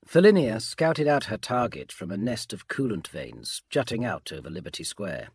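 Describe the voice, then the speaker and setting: A man giving calm, measured bedtime audiobook narration of a science fiction story. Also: lowish voice, husky, no echo, clean studio sound.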